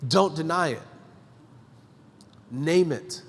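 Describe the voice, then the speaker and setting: Male pastor, slightly high voice, preaching in a church with long hall reverb; emphatic and conversational, lots of rhetorical questions. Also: slow pace. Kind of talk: sermon. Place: church sanctuary.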